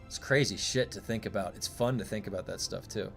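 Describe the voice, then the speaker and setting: A man's voice: lowish voice, fairly quick, gravelly, soft background music. Rambling, curious man streaming live. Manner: rambling, curious, thinks aloud with swearing. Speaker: game streamer. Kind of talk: casual livestream musing.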